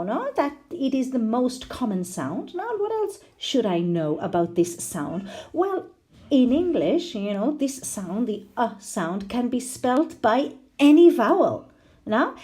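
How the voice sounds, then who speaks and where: A woman teaching an English pronunciation class, explaining slowly and checking in with a frequent "no?". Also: a little high. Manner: slow, lively teacherly delivery with frequent tag "no?". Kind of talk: recorded online class.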